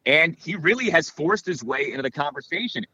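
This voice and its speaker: Male guest analyst, chatty and lively, dry and slightly muffled recording. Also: a little high, a little fast, dry recording. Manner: animated, analytical, many fillers. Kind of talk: casual podcast chat.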